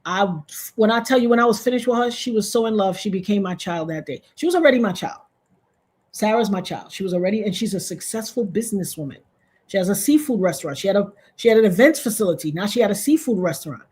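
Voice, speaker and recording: A woman from Trinidad, a guest on a video-call interview, telling a story in an animated way and acting out the voices of other people. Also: fast, husky. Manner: animated, acts out quoted voices with big pitch jumps.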